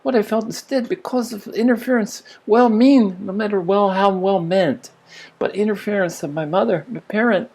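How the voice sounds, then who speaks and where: A man's voice: sits high, normal speed. Older man, spiritual teacher, meandering storyteller who restarts his sentences. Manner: rambling, musing, with frequent restarts and soft laughs. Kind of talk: reflective storytelling talk.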